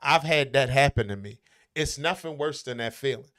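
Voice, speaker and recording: A man's voice: mid-range voice, normal speed, fairly bright tone. A man talking casually, blunt and profane, with emphatic, brash delivery. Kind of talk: casual chat.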